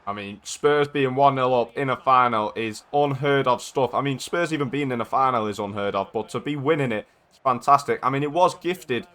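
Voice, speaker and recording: A man giving casual, excitable commentary over his own football video game match, chatting and shouting at goals. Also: medium pitch, a little fast, few pauses. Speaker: gaming YouTuber.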